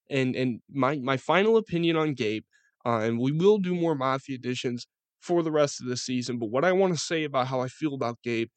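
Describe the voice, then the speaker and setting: A young man with a Western New York accent giving casual, profane sports commentary as a podcast host, rambling and excitable. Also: mid-range voice, dry recording.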